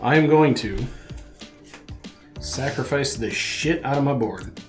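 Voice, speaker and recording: A man's voice: mid-range voice, expressive, slow pace. A man playing a card game with friends, counting out plays methodically and joking around. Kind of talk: casual game chat. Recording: music playing underneath. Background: background music.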